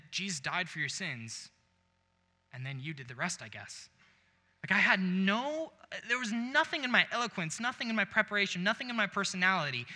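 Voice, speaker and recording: In a church sanctuary, a young man preaching as a pastor tells a story and plays both sides of the conversation. His voice is high, pushed, and bright, and the recording carries the long reverb of a large hall.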